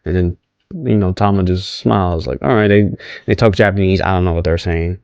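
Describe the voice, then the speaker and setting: Low-voiced man rambling through a recap. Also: steady tone, brisk, vocal fry, darkish tone, clear, resonant tone, dry recording, highs cut off. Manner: rambling, hesitant, many ums and self-corrections; asks viewers to comment. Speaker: wrestling recap host. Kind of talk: casual unscripted recap.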